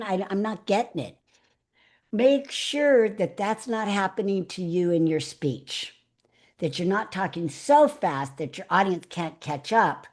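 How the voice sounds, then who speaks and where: A middle-aged woman teaching public speaking on a live call, talking in a chatty, expressive way. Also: mid-range voice. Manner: chatty, expressive, animated delivery with laughs. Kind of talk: live online coaching talk.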